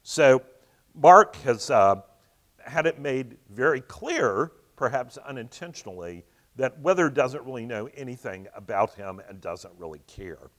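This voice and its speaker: Man reading a novel with lively asides. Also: medium pitch, a little slow. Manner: explanatory, alternates reading with asides. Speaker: host. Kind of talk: reading a novel aloud with commentary.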